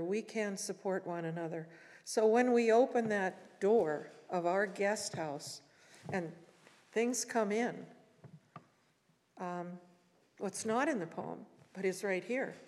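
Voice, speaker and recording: A woman speaking at a morning service, reciting poetry and reflecting on it in a gentle, pausing way. She speaks slowly, and her voice sits at an ordinary pitch for a woman. The sound rings on in a large, reverberant hall. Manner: gentle, unhurried, with long pauses.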